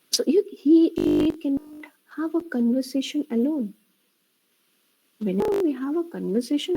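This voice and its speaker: A woman's voice: a little high, gravelly, warm tone, poor audio. A woman with an Indian English accent giving a classroom lecture on speaking skills. She explains each point, repeats it, and keeps checking in with "right?" and "okay?". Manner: explains and repeats, asks "right?" after each point, slips into Hindi and Bengali. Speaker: teacher.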